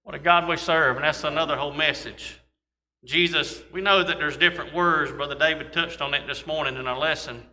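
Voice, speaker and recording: Pastor, male, folksy sermon delivery, tense bright voice. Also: on the high side. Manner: folksy preaching with scripture reading and asides. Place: church sanctuary. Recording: long church reverb.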